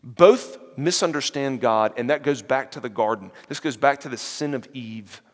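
A man's voice: medium pitch, normal speed. Man preaching in a reverberant hall. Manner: animated, acts out the parable's characters in quoted voices; frequent fillers and restarts. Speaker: lecturer. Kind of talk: sermon-style lecture on a parable.

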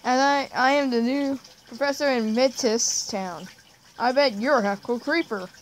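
A woman's voice: high-pitched, normal speed, a little hiss or hum, lightly acted, low-quality recording. A woman reading out a game's friendly male professor, in a plain voice close to her own. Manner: reading game dialogue aloud in a plain voice. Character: friendly male Pokemon professor, welcoming and eager.

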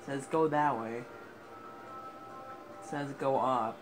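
A man's voice: mid-range voice, extremely slow, music in the background. A young man commentating on his gameplay in a casual way, swearing constantly and flaring into angry rants. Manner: swears a lot, angry outbursts. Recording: noisy home recording.

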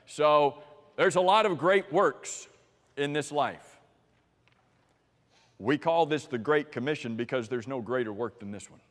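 A man's voice: fairly high pitch, unhurried, long pauses, fairly bright tone. An American man preaching a sermon in a church, talking conversationally and asking the congregation questions. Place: church sanctuary. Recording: church live stream with long hall reverb.

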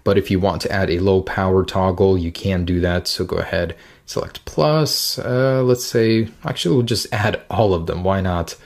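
A man's voice: sits low, steady tone, a little fast, creaky, hardly any pauses, a little mellow. A man giving a casual, upbeat and chatty walkthrough as a tech reviewer.

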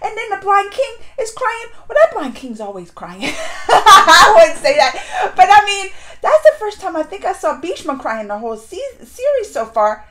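Woman doing a casual show reaction, high voice, gets all emotional, lots of restarts, goes quiet then loud. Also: moderate pace. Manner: emotional, rambling with many restarts; animated, swings from hushed to loud. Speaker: show reviewer.

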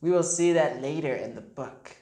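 A woman teacher reading a picture book aloud to young children and explaining the words as she goes. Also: normal speed. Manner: expressive, leaps up in pitch for character voices. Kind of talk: storybook read-aloud with explanations for kids. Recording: echoey room.

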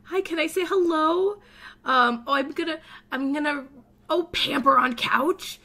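A woman's voice: sits high, unhurried, bright, forceful tone. A woman hosting a casual let's play, chatty and rambling as she thinks aloud, and often gasping and squealing with delight. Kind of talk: casual gameplay commentary.

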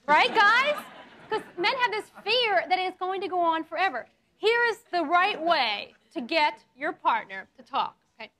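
A woman hosting a studio talk show, coaching her audience in a lively, playful way with acted examples. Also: extremely high pitch, normal speed. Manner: animated, coaching, playful role-play demos.

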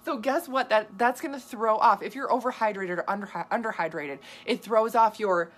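Excited woman coach on a live vid, talks w her hands, chatty, laughs a lot. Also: medium pitch, normal speed. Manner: animated, gesturing a lot while talking; chatty with frequent asides and laughs. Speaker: nutrition coach. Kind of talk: live video answering viewer questions.

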